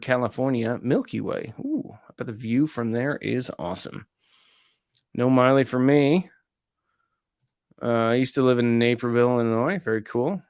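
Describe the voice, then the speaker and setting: A man's voice: medium pitch, dry recording, clean studio sound. A man hosting a live stream, casually reading out viewer comments and answering them. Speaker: host of an audio gear channel.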